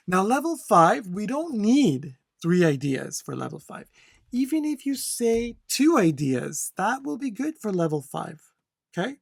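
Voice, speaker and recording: A language instructor teaching test-takers, talking slowly and clearly and often checking in with "okay?". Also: medium pitch, dry recording, studio quality. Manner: slow, deliberate, repeats "okay?" to check learners. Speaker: CELPIP instructor. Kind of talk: slow, clear teaching to learners.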